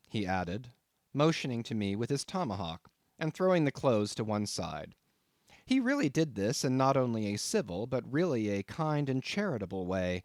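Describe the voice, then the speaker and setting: A man narrating an audiobook of a classic novel in an expressive reading style. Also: fairly low pitch, moderate pace, no room sound, studio quality. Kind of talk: scripted narration.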